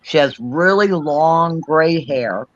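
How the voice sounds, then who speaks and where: A man's voice: a little high, slow pace, fairly bright tone, dry recording, dull audio. A man from Cape Cod with a mixed Boston, Florida and Alabama accent, telling stories in casual chat and laughing often. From Cape Cod, Massachusetts.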